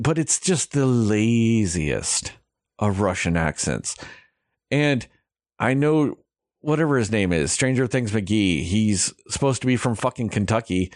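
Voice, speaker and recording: A man's voice: medium pitch, dry recording. Profane ranting young man, dry sound. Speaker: podcast host reviewing a movie. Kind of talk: casual chat.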